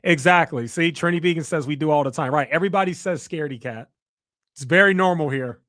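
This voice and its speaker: A man's voice: fairly high pitch, fast, a bit bright, no room sound, clean studio sound. A man from the United States hosting a casual livestream, reading the chat aloud and teasing and mocking a viewer. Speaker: livestream host.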